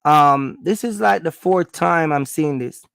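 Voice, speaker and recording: A Jamaican man with a gravelly, slightly raised voice rambles loosely through a story on his livestream, full of ums and asides. Recorded dry and close, with no room sound. His tone can harden into a blunt, serious warning to his viewers. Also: fairly high pitch, measured pace, a bit bright, dry recording. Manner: rambling, filler-heavy, turns stern and warning. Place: at home.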